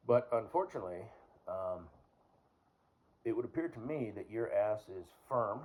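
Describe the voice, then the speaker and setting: Low-voiced man rambling casually. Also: a little mellow. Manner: meandering, full of fillers and throat clearing. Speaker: vlogger.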